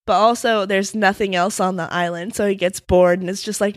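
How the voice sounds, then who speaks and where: A woman podcast co-host casually retelling folk stories in a relaxed, sleepy way, with many fillers. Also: mid-range voice, brisk, no room sound, clean studio sound. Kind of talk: casual storytelling chat.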